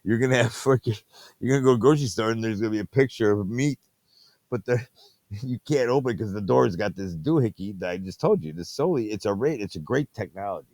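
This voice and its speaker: Talking fast with lively intonation, a man with a lowish, slightly mellow voice hosts a late-night movie review show, with no echo. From home at night, fiddling with a tablet, he delivers a wandering, casual monologue, leaning on catchphrases and chasing tangents.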